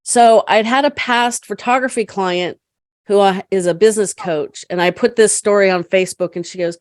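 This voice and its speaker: A woman's voice: mid-range voice, fairly quick, no room sound. Chatty woman telling a story, dry sound. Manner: chatty, animated, laughs often. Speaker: podcast guest, caregiver advocate. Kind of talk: storytelling in casual conversation.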